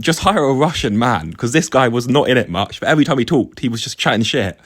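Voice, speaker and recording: A man's voice: medium pitch, animated, fast talker, hardly any pauses, fairly bright tone. A young man co-hosting a film review, casual and blunt, swearing and laughing often. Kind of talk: casual chat.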